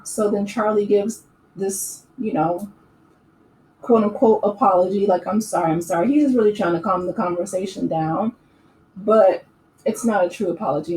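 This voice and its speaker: A woman's voice: medium pitch, warm tone. A woman chatting through an opinionated casual recap, full of "you know" and "um". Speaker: YouTube recap host. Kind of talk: casual reality-TV recap commentary. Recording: echoey room with faint background noise.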